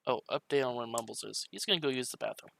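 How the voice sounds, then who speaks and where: A man's voice: mid-range voice, lively intonation, quick pace, creaky, fairly bright tone. A man playing a tabletop game casually, describing what his character does. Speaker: player.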